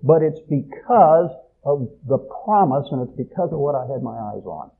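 Gravelly husky preacher guy, emphatic sermon, sounds like it's over a phone. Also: expressive, moderate pace. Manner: emphatic, swelling loud on key phrases and dropping low at ends. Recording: tinny phone-like audio.

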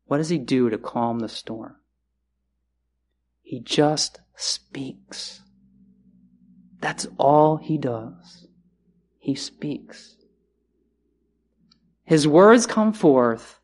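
A man preaching a sermon, earnest, repeating key phrases and swinging between raised and hushed delivery. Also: medium pitch.

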